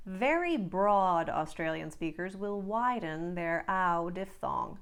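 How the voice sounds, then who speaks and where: A woman's voice: fairly low pitch, lively intonation, slow, fairly bright tone, clean tone. A woman accent coach giving a scripted lesson, carefully enunciating drill words and phrases.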